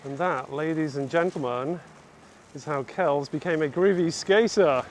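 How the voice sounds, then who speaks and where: A man hosting a photography vlog outdoors by canals, explaining his shots in a relaxed way. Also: on the high side, measured pace, slight background noise. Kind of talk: vlog narration.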